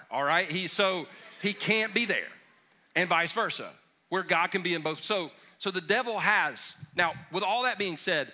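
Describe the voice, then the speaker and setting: A male pastor preaches a question-and-answer sermon in a bright, forceful voice pitched a bit high. He talks casually, drops jokes, and leans on emphatic repetition. The sound is of a church room with some distance from the mic. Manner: conversational, joking, emphatic preaching. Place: church sanctuary.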